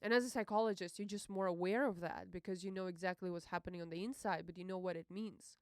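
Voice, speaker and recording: A young woman hosting a podcast, telling a personal story in an emotional, halting way, with many fillers and curses. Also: fairly low pitch, fairly even intonation, no echo, clean studio sound. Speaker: podcast host.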